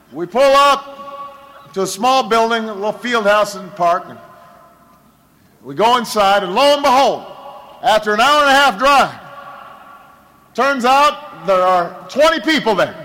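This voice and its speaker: A man's voice: sits high, big pitch swings, unhurried, pauses often, pushed and bright, low-quality recording. A man, a political candidate, giving a campaign rally speech, telling a story with lots of repetition and a rhetorical build, with stammered restarts.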